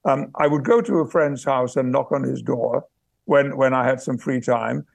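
An older man from Yorkshire speaking in received pronunciation, telling stories in a measured, thoughtful way as a guest, pausing to search for words. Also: medium pitch, creaky, no echo. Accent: British received pronunciation. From Yorkshire, England. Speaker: guest, actor and memoir author. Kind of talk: reflective interview storytelling.

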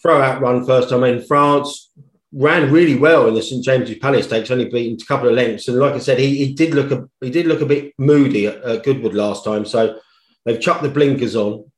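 A man giving a detailed, thoughtful betting analysis as a racing tipster, pausing on fillers as he reasons. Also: medium pitch. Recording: roomy echo.

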